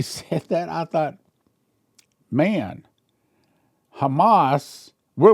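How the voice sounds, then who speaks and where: A man's voice: mid-range voice, darkish tone, no room sound, studio quality. A man who is a pastor, giving casual commentary in an emphatic way, with rhetorical questions and chuckling asides.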